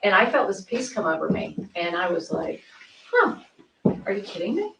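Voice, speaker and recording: In a recorded interview, a woman rambles and acts out quoted conversations, restarting often. Her medium-pitched voice is very animated, with vocal fry and a fairly bright tone, at a moderate pace. Captured from a distance in an echoey interview room, the audio carries faint noise.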